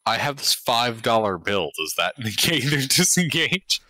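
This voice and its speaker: Man, tabletop player, joking, very lively bright voice. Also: mid-range voice, measured pace. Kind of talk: casual tabletop game talk.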